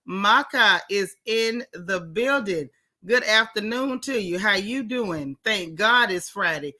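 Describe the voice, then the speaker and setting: A woman hosting a casual livestream, warmly greeting chat viewers one by one by name. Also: medium pitch, lively intonation, slow pace. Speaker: livestream host. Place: home in Texas.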